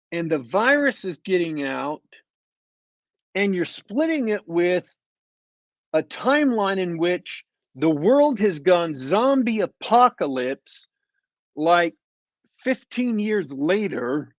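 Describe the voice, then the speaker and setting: A man talks at an unhurried, drawn-out pace, sardonic and rambling as he reviews a show, filling gaps with ums and uhs. The sound is dry and a little muffled, like a plain home mic. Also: high voice, no room sound. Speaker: podcast co-host reviewing shows. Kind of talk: casual podcast chat.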